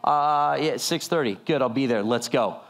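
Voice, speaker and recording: A man giving a sermon-style testimony, telling a story animatedly and acting out the people in it with lowered voices. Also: normal speed. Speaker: speaker sharing a testimony.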